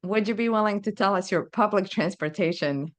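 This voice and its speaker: A woman podcast host speaking reflectively, often pausing to search for her words. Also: medium pitch. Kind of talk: interview conversation.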